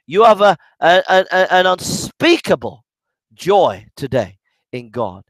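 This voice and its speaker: A high-pitched male preacher delivering a passionate sermon at an unhurried pace. He builds to ringing shouts of joy, then sinks to soft, low phrases. The sound is close and dry, with no room echo. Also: big pitch swings. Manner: fervent, shouting in waves then dropping low. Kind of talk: sermon and prayer.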